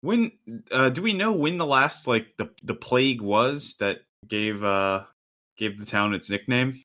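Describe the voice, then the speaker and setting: A man's voice: medium pitch, expressive, measured pace, sharp tone. Hesitant man role-playing a dwarf. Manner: hesitant, musing, many restarts. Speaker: player. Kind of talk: in-character tabletop role-play.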